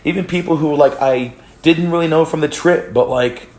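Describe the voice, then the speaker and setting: A man from the United States vlogs a rambling story, filled with restarts, cursing and laughs. His voice is a little high with a darkish tone at a normal speed, and the sound is roomy.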